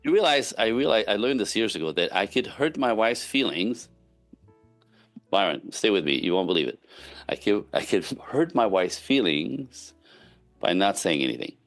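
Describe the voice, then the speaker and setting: Deep-voiced man giving emphatic relationship advice. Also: moderate pace, faint music behind. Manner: emphatic, animated, frequent "right?" tags. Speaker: relationship coach, podcast guest. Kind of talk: casual conversational advice.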